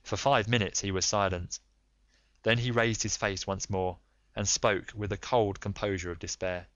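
Male audiobook narrator, low voice, dry close recording, steady reading. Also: moderate pace, dry recording, highs cut off. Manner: steady storytelling delivery. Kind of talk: scripted narration.

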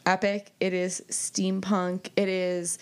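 A woman's voice: mid-range voice, monotone, slow, clear, resonant tone. A young woman co-hosting a book podcast in casual chat, with a dry, teasing manner. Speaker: podcast co-host.

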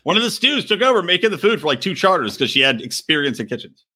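A man's voice: on the high side, big pitch swings, fast talker, sharp tone, breathy edge. A man in his thirties co-hosting a casual, sarcastic reality TV podcast, swearing freely. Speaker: podcast co-host. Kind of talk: casual comedic chat.

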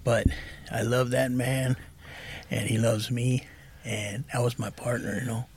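Gravelly, husky-voiced man in his 50s, soft-spoken guest sharing a raw personal story. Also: mid-range voice, little pitch movement, a little slow. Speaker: podcast guest in recovery.

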